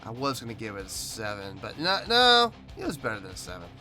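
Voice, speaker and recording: Bright-voiced man ranting emphatically. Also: medium pitch, huge pitch swings, a little fast, soft background music. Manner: ranting, emphatic, repeats himself. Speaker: music reaction host. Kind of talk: reaction video commentary.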